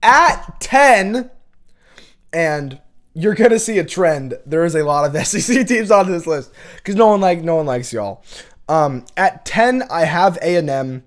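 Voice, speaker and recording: A man's voice: on the high side, expressive, a little slow. A young man hosting a college football show, talking in a casual, opinionated, rambling rant with many restarts.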